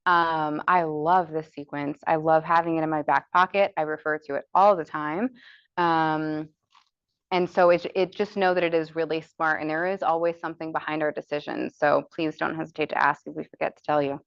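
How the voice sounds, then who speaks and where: A woman's voice: low-pitched, fairly even intonation, normal speed, clear, resonant tone, no echo, dull audio. A woman with an American accent teaching a yoga teacher training, chatty and encouraging, demonstrating breaths and cues aloud.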